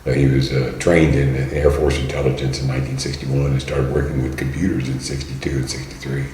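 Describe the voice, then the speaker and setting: A man's voice: a bass voice, little pitch movement, a little fast, darkish tone. A man in his sixties from Kentucky, a guest telling stories in a rambling way with many fillers and restarts. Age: 60s. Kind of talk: storytelling in casual talk. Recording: roomy hall with long reverb, faint noise.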